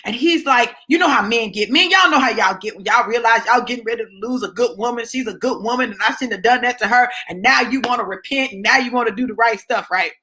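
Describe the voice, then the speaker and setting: A woman talking straight to her viewers in a casual storytelling monologue, swinging from low asides to high exclamations and checking in with "right?". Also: fast talker, hardly any pauses, pushed and bright. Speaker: vlogger.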